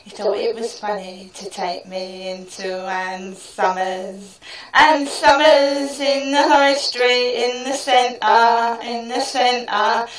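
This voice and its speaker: A woman's voice: a little high, fairly even intonation, slow. A woman with a British accent half-singing a rambling comic song as she tells her story. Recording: echoey room, far from the mic.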